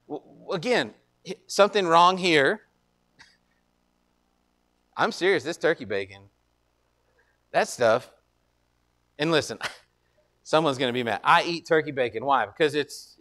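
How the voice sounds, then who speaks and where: A man preaching a sermon as pastor, conversational with joking asides, slowing down to stress scripture. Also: high voice, a bit bright.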